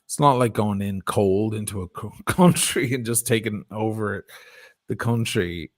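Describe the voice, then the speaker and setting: A middle-aged Irish man telling stories in a casual chat, animated and quick to swear and laugh. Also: lowish voice. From Ireland. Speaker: guest.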